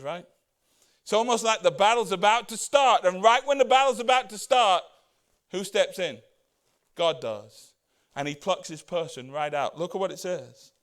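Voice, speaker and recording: A man's voice: high voice, a bit bright. A man preaching a conversational sermon as pastor, asking the congregation rhetorical questions and acting out the Bible characters' words. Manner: acts out the Bible characters' words in quick voices.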